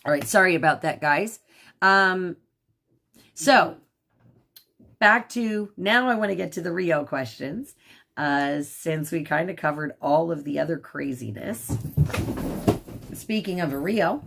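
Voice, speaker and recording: Woman with a low voice rambling on a home livestream, lots of ums, baby talk to her dog. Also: a little slow, vocal fry, fairly bright tone. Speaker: livestream host. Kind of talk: casual livestream chat. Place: at home indoors.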